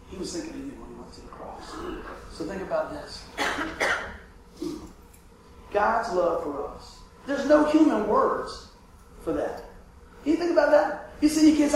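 A high-voiced male pastor preaching to his congregation, calling for amens as he moves between quiet, drawn-out phrases and loud bursts. He is heard from a distance in a very echoey church room with faint background noise. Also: lively intonation. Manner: call-and-response preaching, asks for amens; swings from hushed to loud and drawn out. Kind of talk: sermon. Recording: echoey room picked up from far off.

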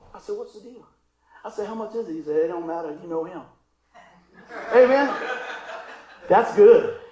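A man's voice: high-pitched, echoey room, low-quality recording. A middle-aged man preaching a sermon, telling a funny story and calling for responses from the congregation. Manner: folksy, call-and-response, acts out story voices. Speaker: pastor.

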